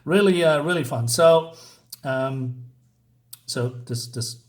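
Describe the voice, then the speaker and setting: A man's voice: on the high side, takes it slowly. A man casually reviewing a comic book, rambling, laughing often and talking through the panels.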